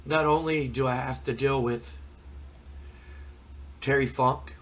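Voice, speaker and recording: A man with a cold-cracked voice voicing a brooding, bitter male wrestler, talking slowly. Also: medium pitch, steady tone, close to an everyday voice.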